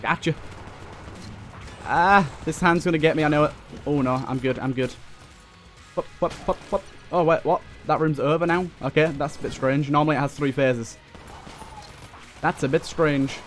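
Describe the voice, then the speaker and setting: A young man giving excitable running commentary while playing a video game, talking back to enemies on screen. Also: fairly high pitch, normal speed, long pauses. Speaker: let's play host. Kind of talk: gameplay commentary. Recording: faint game music behind.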